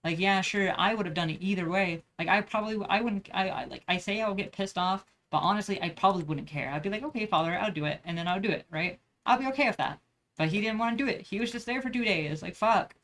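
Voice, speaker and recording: Fast and fairly bright, this mid-range voice belongs to a young adult vlogger who draws while chatting casually. The talk rambles, full of profanity and frequent restarts.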